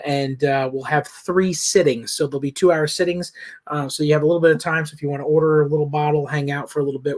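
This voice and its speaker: A man co-hosting a casual wine shop livestream, talking in a rambling way with many fillers and restarts. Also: on the high side.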